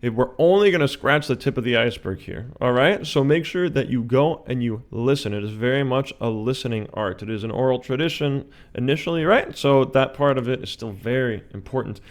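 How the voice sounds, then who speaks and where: Guy teaching chant on video, patient, keeps saying all right?, mid pitch. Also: brisk, few pauses. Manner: explaining patiently, often checking with "all right?". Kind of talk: video lesson.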